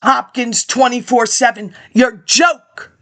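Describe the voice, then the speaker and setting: A woman's voice: a little high, steady tone, slow, fairly bright tone. A woman rambling through a monologue, reading old papers aloud and jumping between topics with sarcastic asides.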